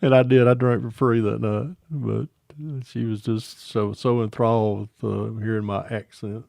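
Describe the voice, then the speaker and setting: A man from Georgia with a Southern accent, telling rambling stories with halting restarts in a casual livestream chat. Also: fairly low pitch, level tone, vocal fry, mellow, no room sound, studio quality.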